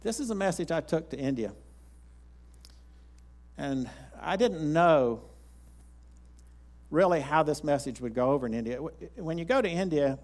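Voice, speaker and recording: Folksy preacher man. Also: fairly high pitch. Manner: folksy, rambling with restarts. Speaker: pastor. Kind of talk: sermon with storytelling.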